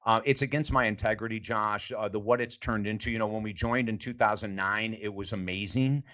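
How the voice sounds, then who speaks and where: An older man, a sports psychology coach, telling lively stories in a podcast interview and acting out the quotes. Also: fairly low pitch, fairly quick. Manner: animated storyteller, acts out quotes.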